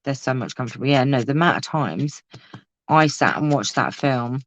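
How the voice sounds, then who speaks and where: A woman's voice: rumbling low, lively intonation, normal speed, no room sound, muffled recording. A woman chatting casually while crafting on a live video, talking exclaimingly and laughing often. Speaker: crafting vlogger.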